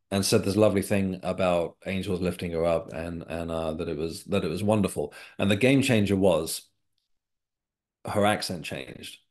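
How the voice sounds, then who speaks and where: Deep-voiced man telling a story. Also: a little mellow. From England. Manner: reflective, unhurried, sincere. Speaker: guest, author and developing medium. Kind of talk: personal storytelling in a casual interview.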